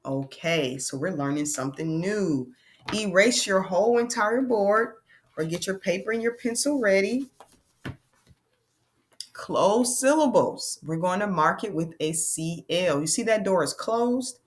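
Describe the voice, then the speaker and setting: A woman teacher giving a lesson to young learners, patient and encouraging, calling them friends and slowing down to spell out sounds. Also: medium pitch, a little hiss or hum.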